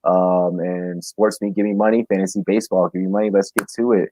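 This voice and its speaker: A man's voice: sits low, level tone, fairly quick, mellow, no room sound, poor audio. A man who runs the podcast network, greeting listeners in brash, hype-man style. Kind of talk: casual podcast chat.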